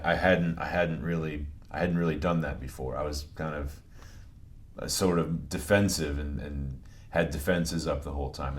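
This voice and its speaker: Speaking in a bass voice with a softened New England Italian American accent, a podcast guest from New England relaxes into telling his story. It's a conversational interview, and he frequently restarts his sentences.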